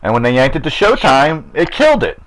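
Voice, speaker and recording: A man's voice: fairly high pitch, wildly swooping pitch, a little fast, slight background noise, poor audio. A middle-aged man hosting a racing chat show, rambling and repeating himself in casual talk.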